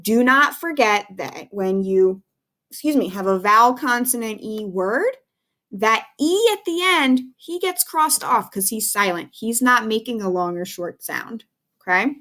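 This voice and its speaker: A woman, a second grade teacher, giving a recorded phonics lesson to young children in a patient, encouraging way with clear, careful speech. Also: fairly high pitch, lively intonation, measured pace, fairly bright tone.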